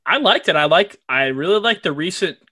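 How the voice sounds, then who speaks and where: A young man co-hosting a casual wrestling podcast, relaxed and agreeable. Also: high-pitched, fairly quick, slightly rough. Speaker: podcast co-host.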